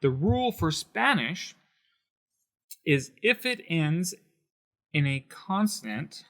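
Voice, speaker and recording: A man's voice: a little high, big pitch swings, takes it slowly, fairly bright tone. A man teaching a Spanish lesson on video, explaining with emphasis and sounding out words syllable by syllable.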